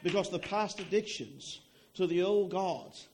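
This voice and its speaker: A man's voice: high voice, unhurried, over music. A young adult man preaching a sermon in a conversational way, often checking in with "okay?" and repeating words as he goes.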